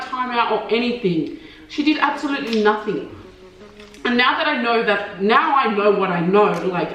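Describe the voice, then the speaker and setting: A young woman from Australia co-hosting a mukbang, telling a childhood story in casual chat and acting out quoted voices with laughter. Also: distant mic. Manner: animated, acts out quoted voices in high pitch, laughs often. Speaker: mukbang co-host. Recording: echoey room, off-mic, faint music.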